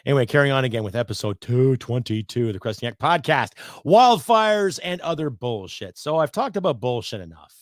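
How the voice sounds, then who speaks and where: A man in his fifties rants through a solo podcast, blunt, sarcastic and quick to swear. His voice sits at an ordinary middle pitch. The sound is dry and close. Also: animated, no room sound. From Canada. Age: 50s. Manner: blunt, profane, sarcastic ranting. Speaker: podcast host.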